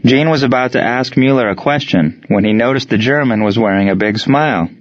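Guy reading a story, steady narration, dry kinda dull lo-fi audio. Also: mid-range voice, brisk, dry recording. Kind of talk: scripted narration.

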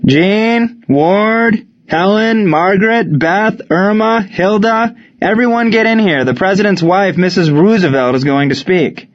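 A man voicing a mother who calls her children loudly into the room. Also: high voice, unhurried, hardly any pauses, highs cut off, voice pushed up. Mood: urgent. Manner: calling out loudly.

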